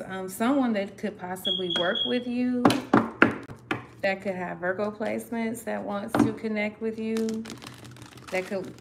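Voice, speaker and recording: A woman's voice: medium pitch, heavy background noise. A woman giving a casual live tarot reading, chatty and rambling, often cutting herself off. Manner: chatty, self-interrupting, laughing at herself. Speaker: tarot reader.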